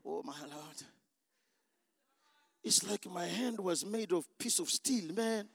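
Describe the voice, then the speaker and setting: A high, gravelly male preacher tells his story with wild swings of pitch, acting out each voice in turn. His voice sits close and dry, and he leaps from low murmurs to full shouts. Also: expressive, slow pace, no room sound. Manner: dramatic storytelling preacher, acts out dialogue, bursts into shouts. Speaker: pastor. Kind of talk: sermon.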